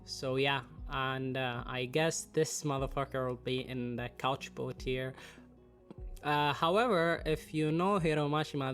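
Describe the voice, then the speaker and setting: A man's voice: mid-range voice, a little slow, a bit bright, faint music behind. A man with a congested voice from the flu, casually rambling through a fan tier list with lots of fillers and some swearing. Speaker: anime and manga commentator.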